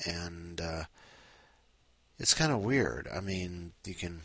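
A man's voice: sits low, animated, slow pace, fairly bright tone. A man hosting a podcast in a rambling, sleepy way, full of restarts and asides. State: sleepy, up at five in the morning. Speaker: podcast host. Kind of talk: casual rambling chat.

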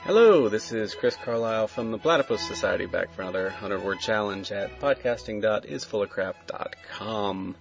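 A man's voice: fairly low pitch, moderate pace, vocal fry, few pauses, lo-fi sound, music in the background. A man reading a short story in a put-on Irish accent, playful and mocking himself.

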